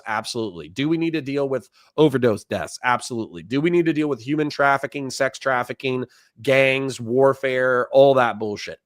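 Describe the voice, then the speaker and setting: Young guy streamer ranting, swears a lot, dry close mic, pitch jumps around. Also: no room sound. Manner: profane, animated, rhetorical questions. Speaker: host. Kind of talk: livestream commentary.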